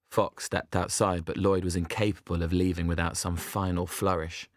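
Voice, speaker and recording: A man narrating an audiobook in a measured, expressive reading, recorded close in a studio booth. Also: deep voice, no echo.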